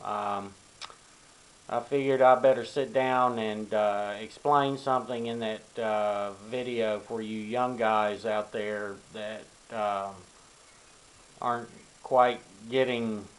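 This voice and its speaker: A man's voice: lowish voice, steady tone, takes it slowly, poor audio. Folksy older man rambling. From Arkansas, USA. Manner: folksy, rambling, many ums and you-knows. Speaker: vlogger. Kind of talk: casual advice talk to camera.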